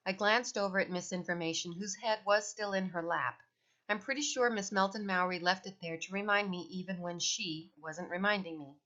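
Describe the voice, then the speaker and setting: Woman reading a children's novel, bright. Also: mid-range voice, normal speed. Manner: lively first-person storytelling. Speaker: audiobook reader. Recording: dull lo-fi recording.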